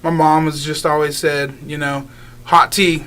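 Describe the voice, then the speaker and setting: A man's voice: fairly high pitch, level tone, normal speed, clear, resonant tone. A young man, a guest singer, talking casually in a radio interview, rambling with lots of filler words and easy laughs. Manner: rambling, many filler likes, laughs easily.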